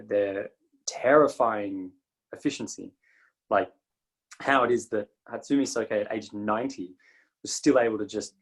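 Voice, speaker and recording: A man in his forties gives an informal martial arts lesson, wandering from point to point with frequent laughs. His voice sits in an ordinary middle pitch. He talks with easy enthusiasm, restarting sentences as he thinks aloud. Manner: rambling, animated, laughs often. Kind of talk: informal teaching talk.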